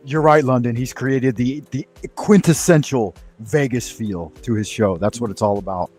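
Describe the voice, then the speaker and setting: A man's voice: medium pitch, moderate pace, a little mellow, faint music behind. A man hosting a casual panel chat, talking loosely and swearing, with hustling plugs for his show. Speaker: show host.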